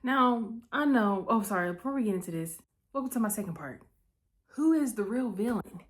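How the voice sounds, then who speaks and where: A woman hosting her vlog, recapping a movie in a breezy, chatty way, full of quick asides and "okay?" check-ins. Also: mid-range voice, lively intonation. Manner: breezy and playful, with asides and quick self-corrections. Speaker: vlog host. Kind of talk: casual chat movie recap.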